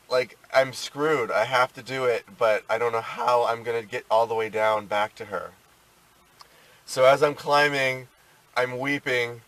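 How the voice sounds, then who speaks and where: A man recounts an old adventure in a loose, rambling vlog voice, stumbling and restarting as he goes. His voice sits at an ordinary middle pitch. The camera mic is set back from him, so he sounds a little distant. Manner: rambling, animated retelling with many fillers and restarts. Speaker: vlogger telling a personal story. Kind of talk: casual storytelling to camera. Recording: voice sounding a bit far from the mic.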